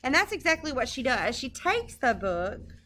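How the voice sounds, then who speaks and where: Bright-voiced woman teaching a literature lesson. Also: high-pitched, big pitch swings, normal speed. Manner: conversational, checks in with "okay?". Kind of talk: recorded lecture screencast.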